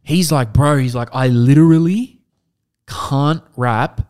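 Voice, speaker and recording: A man's voice: mid-range voice, slow pace, darkish tone, clear, resonant tone. A young man, chatting bluntly and casually with slang and swearing. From Australia. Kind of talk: casual podcast chat.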